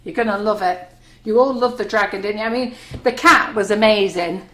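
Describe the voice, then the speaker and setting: A woman's voice: medium pitch, brisk, a bit bright. A woman hosting a live cake decorating demonstration, chatty and giggly, poking fun at herself. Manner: chatty, giggly, self-deprecating. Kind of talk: live cooking demonstration chat. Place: kitchen studio. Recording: echoey room, faint noise.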